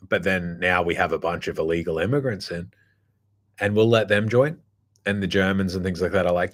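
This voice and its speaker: A man's voice: low voice, fairly quick. A man talking in a casual, rambling monologue, blunt and profane, full of fillers and restarts. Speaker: podcast host.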